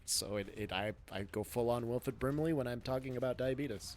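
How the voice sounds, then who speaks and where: A man's voice: medium pitch, normal speed. A man with a Midwestern American accent, chatting casually and joking with viewers while streaming a game. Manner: chuckling, joking, answering chat. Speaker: gaming streamer. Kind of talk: casual live-stream chat.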